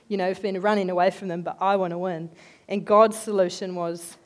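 A woman giving a conversational sermon, telling animated, chatty stories in an everyday voice. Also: medium pitch, normal speed, pauses often. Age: adult, working as a head teacher. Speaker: lay speaker giving a talk.

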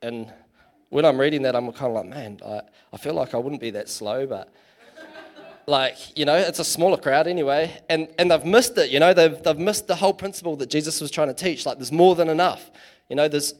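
A man's voice: a little high, fairly quick. A man giving a casual, chatty sermon in church, full of fillers and self-deprecating asides. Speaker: preacher.

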